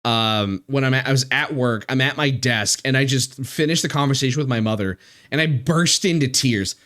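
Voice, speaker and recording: A man streaming live, talking in a halting, emotional way with many restarts and swearing, close to tears. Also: medium pitch, fairly bright tone. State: near tears. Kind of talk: casual live-stream chat.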